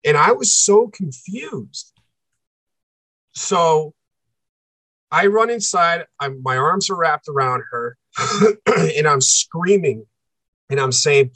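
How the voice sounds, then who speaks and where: A man telling a personal story as an interview guest, earnest and halting, often repeating himself for emphasis. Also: high voice, pushed and bright, dry recording, rough recording.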